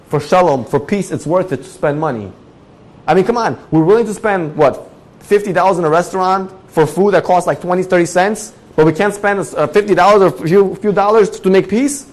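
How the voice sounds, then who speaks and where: A man giving a Torah class, telling a story and acting out the characters with lively swings in voice. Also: brisk. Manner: animated storyteller, acting out characters with big jumps in pitch and loudness.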